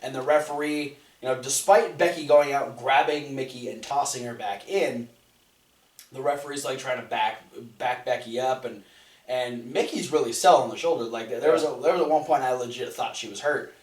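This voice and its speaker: A man's voice: mid-range voice, normal speed. Rambling man on a distant, roomy mic. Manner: rambling recap with frequent restarts. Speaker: podcast co-host. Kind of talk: casual wrestling recap chat.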